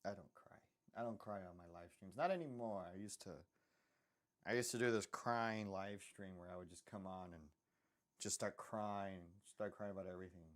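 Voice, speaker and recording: A man's voice: low voice, normal speed. A man chatting casually while drawing on a live stream, rambling and self-deprecating, often trailing off into mutters.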